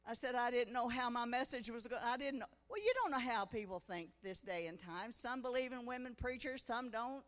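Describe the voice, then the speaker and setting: A woman's voice: a little high, brisk, hardly any pauses. Older woman preaching fervently. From Missouri. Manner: folksy storytelling that swells into fervent preaching. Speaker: guest preacher. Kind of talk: testimony sermon at a women's conference. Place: church conference hall. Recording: echoey church hall.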